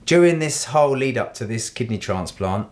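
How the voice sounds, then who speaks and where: A man's voice: mid-range voice, animated, moderate pace. A middle-aged man, co-hosting a podcast and telling an anecdote animatedly, acting out the voices he quotes. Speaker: podcast co-host. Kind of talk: casual storytelling chat.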